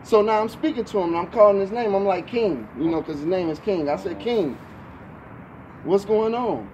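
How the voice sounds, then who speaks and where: A man's voice: high-pitched, fast, darkish tone, highs cut off, a little hiss or hum. Heated, profane man telling a story. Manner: profane, heated, quotes people with voices. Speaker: podcast co-host. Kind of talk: casual storytelling chat.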